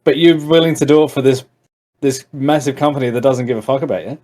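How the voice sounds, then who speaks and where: Relaxed, agreeable male podcast host. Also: mid-range voice, quick pace. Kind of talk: casual chat.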